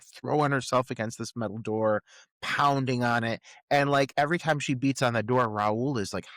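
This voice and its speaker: Male co-host, mid-pitched, dry, reflective analysis that is loose and chatty. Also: fairly bright tone, no echo. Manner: thoughtful, analytical commentary with filler words. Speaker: podcast co-host. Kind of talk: casual film-discussion chat.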